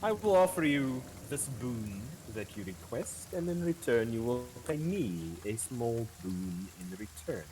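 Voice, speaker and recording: A man's voice: mid-range voice, very animated, a little slow, few pauses, a little mellow, a little hiss or hum. A man voicing a smug fey creature who offers bargains in a grand, teasing manner. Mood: sly.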